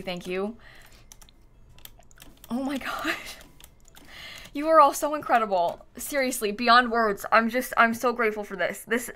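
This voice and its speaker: A woman's voice: mid-range voice, a bit bright. A woman live-streaming a life-sim game, chatting casually, thinking aloud as she builds and thanking viewers by name with frequent giggles.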